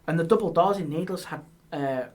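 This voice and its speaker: A man, a guest on a podcast, telling ghost stories in a lively way and dropping his voice on eerie details. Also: a little high, fairly quick. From England. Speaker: guest, paranormal historian. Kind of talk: casual storytelling. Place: podcast studio.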